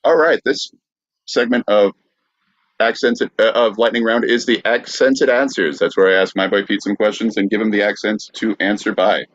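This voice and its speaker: Deep-voiced man, dull dry sound. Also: fairly even intonation, moderate pace, dry recording. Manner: apologetic, patient under insults. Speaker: podcast host. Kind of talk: casual livestream hosting.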